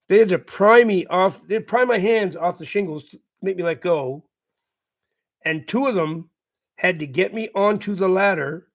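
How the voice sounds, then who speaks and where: A middle-aged man with a fairly high voice spins a long, loose story to his live chat. He circles back and repeats lines, chuckling through his own tale. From Canada. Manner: rambling, repeats himself, laughs through the telling. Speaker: channel host.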